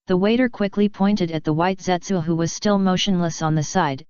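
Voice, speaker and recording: Smooth-voiced woman reading an audiobook. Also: lowish voice, moderate pace, darkish tone, dry recording, lo-fi sound. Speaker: audiobook narrator. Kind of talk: reading a fan fiction audiobook.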